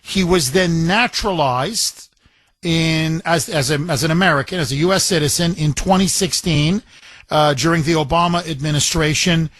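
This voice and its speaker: A man's voice: a little high, moderate pace, a bit bright, no room sound. A man hosting a talk radio show, firing pointed questions at a caller.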